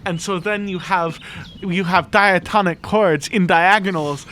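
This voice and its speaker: A man's voice: high-pitched, steady tone, measured pace, pushed and bright, a little hiss or hum. A man playing an eccentric, emotional music professor who rambles earnestly, with odd phrasing, in an improvised comedy interview.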